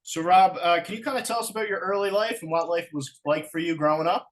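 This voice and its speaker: Male podcast host, a touch high-pitched, relaxed and casual. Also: quick pace. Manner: easygoing, casual. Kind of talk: podcast hosting.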